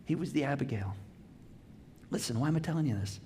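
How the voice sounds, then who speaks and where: A middle-aged man preaching a sermon, telling a story with lively acted-out dialogue in a church auditorium. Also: medium pitch, quick pace, a little hiss or hum. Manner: animated storytelling, acts out dialogue. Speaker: pastor. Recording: long hall reverb.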